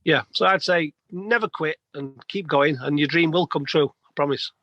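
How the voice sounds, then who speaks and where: A man, sitting in as a guest and telling stories in a chatty, rambling way full of restarts. His voice sits a touch high for a man. The sound is dry and close. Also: normal speed, fairly bright tone, no echo, highs cut off. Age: 50s. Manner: chatty storyteller, many restarts. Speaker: guest, plumber. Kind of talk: casual podcast interview.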